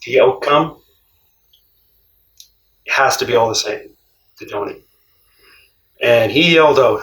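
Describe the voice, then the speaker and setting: Far from the mic in a roomy recording, a cross-country traveller with a mid-range voice shares casual stories at a normal speed, pausing often. He stays animated, laughing a lot and performing the voices of those he quotes.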